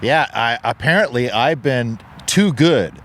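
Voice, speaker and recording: A man's voice: medium pitch, expressive, unhurried, a bit bright, slight background noise. A man co-hosting a podcast outdoors in a park, chatting in an easygoing, supportive way. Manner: easygoing, supportive back-and-forth. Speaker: podcast co-host. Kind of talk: casual chat.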